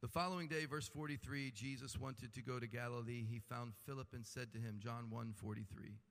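A man preaching a sermon with animated delivery and humorous asides. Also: medium pitch, a little fast. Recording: long hall reverb.

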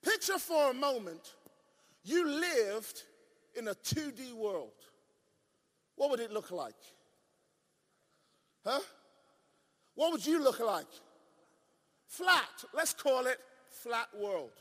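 A male preacher delivering a sermon with emphatic swings between shouting and hushed asides, often asking the congregation questions. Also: very high-pitched, sing-song, slow pace, pauses often. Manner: playful, asks the crowd questions. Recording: long reverb of a large hall.

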